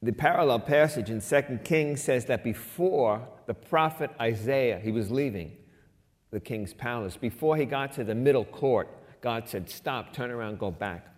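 A man's voice: medium pitch, expressive, normal speed. Middle-aged male preacher in a hall. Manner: conversational preaching, swings from loud emphasis to quiet asides. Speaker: pastor. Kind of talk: sermon. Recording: long hall reverb.

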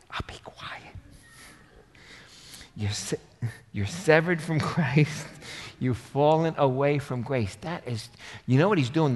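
A man preaching a sermon, animated and emphatic, rising to forceful bursts. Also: mid-range voice. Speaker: pastor. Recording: reverberant hall.

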